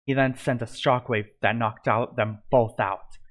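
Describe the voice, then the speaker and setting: A man's voice: medium pitch, steady tone, a little slow. A man reading a fan-written adventure story aloud in an amateur way, stumbling and correcting himself. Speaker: narrator.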